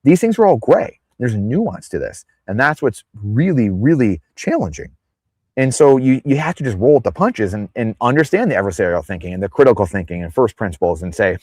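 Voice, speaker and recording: Guest spot: man with a lowish voice, swoops up and down a lot, tangent-prone, dry close sound. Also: very animated, brisk, darkish tone, no echo. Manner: rambling, goes off on tangents; acts out quoted people in exaggerated voices. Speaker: podcast guest. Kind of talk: casual interview talk.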